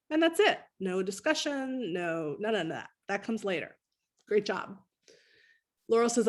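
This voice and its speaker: A middle-aged woman coaching parents in a live talk, reading viewers' comments, animated and leaping high when she models praise.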